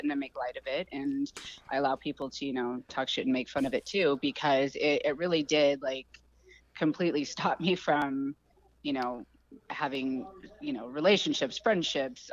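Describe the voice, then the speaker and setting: A woman in her thirties, a fighter, talking candidly and reflectively on a phone call with lots of ums. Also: low voice. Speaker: guest fighter. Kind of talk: casual interview by phone.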